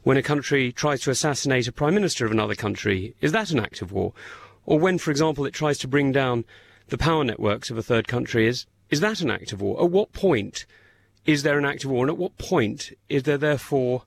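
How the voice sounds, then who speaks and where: A male politician builds his point through a run of rhetorical questions. His voice is gravelly with clear fry. Faint ambience sits behind him. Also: medium pitch, lively intonation, brisk, a little hiss or hum. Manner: rhetorical, posing a string of questions. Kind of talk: recorded interview clip.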